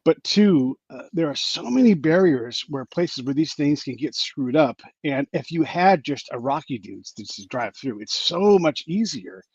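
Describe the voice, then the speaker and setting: Male podcast host, husky and lively, storyteller who plays every part; dull dry lo-fi recording. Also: unhurried, few pauses, no echo. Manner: animated, acts out quoted people with big pitch jumps. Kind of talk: casual storytelling chat.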